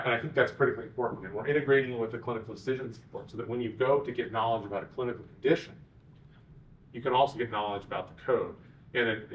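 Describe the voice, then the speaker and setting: A man, a physician executive, giving a conference talk with animated, sarcastic asides. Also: medium pitch, recorded from a distance, muffled recording, slight background noise.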